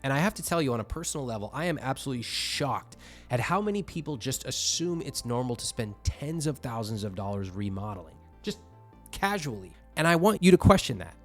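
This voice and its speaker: A man hosting a personal finance show, reviewing viewer budgets in a blunt, animated way with exasperated asides. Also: medium pitch, brisk, soft background music.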